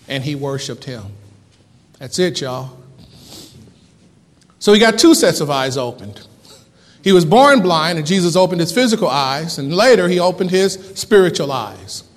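Male pastor, high voice, fervent sermon delivery, reverberant hall. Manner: fervent preaching with dramatic pauses and swings in loudness.

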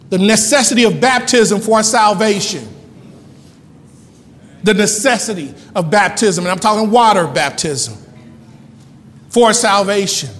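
A male pastor preaching a sermon in a church, moving between quick asides and loud shouted lines. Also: high-pitched, long reverb tail. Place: church sanctuary.

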